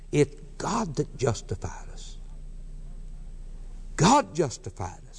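A man's voice: on the high side, darkish tone, slightly rough. A man preaching a sermon with emphatic, repeated refrains. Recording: long hall reverb.

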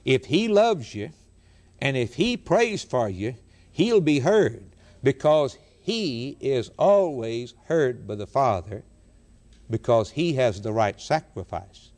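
Male preacher, sermon delivery, animated pitch, repeats phrases, earnest build and drop. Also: slow pace. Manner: earnest preaching, rising to emphatic peaks and dropping low on key lines.

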